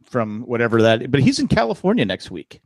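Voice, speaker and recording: A man's voice: medium pitch, wildly swooping pitch, brisk, dry recording, studio quality. A man hosting a podcast in casual, joking chat, thanking listeners and steering the talk. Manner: joking, thanks patrons and wraps up the show. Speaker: podcast host.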